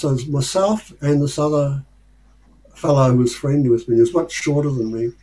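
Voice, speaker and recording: A man's voice: on the high side, a little mellow, low-quality recording. An Australian man telling stories in a casual, rambling way and chuckling often. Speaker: speaker sharing life lessons. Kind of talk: casual storytelling talk.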